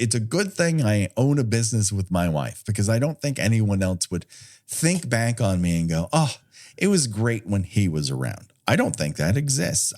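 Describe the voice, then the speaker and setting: A man with a low voice that swings widely in pitch, riffing sarcastically as a podcast co-host. He swears freely and slips into silly put-on quotes as he jokes his way through the talk. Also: a little mellow. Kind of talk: casual comedic chat.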